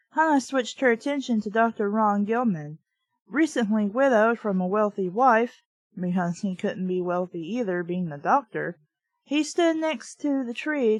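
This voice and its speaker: A woman reads a novel aloud and mocks it, tossing in sarcastic, sweary asides. Her voice sits a bit high and her delivery is slow and deliberate. The sound is very dry and close, with no room echo. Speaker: book reviewer reading aloud. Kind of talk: mocking read-aloud of a novel.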